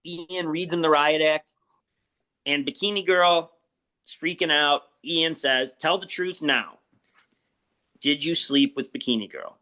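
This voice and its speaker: A man's voice: on the high side, a little slow, long pauses, sharp tone. A man in his forties from the Chicago area, telling profane, laugh-filled stories as a guest in a casual interview. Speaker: wrestler guest.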